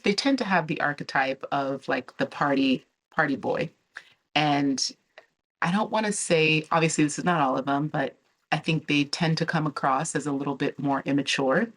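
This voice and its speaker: Low-voiced woman chatting candidly to camera. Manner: candid and chatty, with filler words and restarts. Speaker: travel and relocation vlogger. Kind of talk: casual talk to camera.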